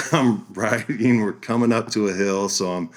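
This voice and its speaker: A man, a podcast guest, telling a story in a casual way, lively, acting out the voices he quotes and laughing as he goes. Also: lowish voice, a little slow.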